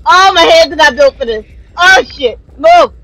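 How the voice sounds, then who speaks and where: A young woman streaming a horror game, cursing, yelling at the screen and laughing nervously as she plays. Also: high voice, lively intonation, normal speed, poor audio. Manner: laughs nervously between jumps. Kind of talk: live gameplay commentary.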